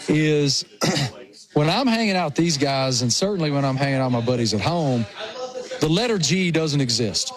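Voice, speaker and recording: A man from rural Appalachia with a thick Appalachian accent, co-hosting a radio show with animated, self-mocking storytelling. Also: a little high, normal speed, crowd noise. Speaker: co-host. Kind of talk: casual radio show banter.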